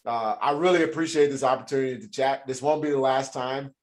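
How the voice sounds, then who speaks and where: A man's voice: mid-range voice, brisk. A man hosting a casual interview over a video call, talking in a chatty way with many restarts. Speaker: host.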